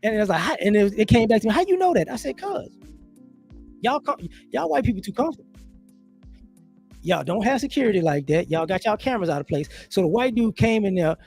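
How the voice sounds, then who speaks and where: A man hosting a live stream tells stories and shares opinions in casual commentary, animatedly voicing other people's lines along the way. His voice sits high and creaky and moves a little fast, with soft background music and a home streaming mic.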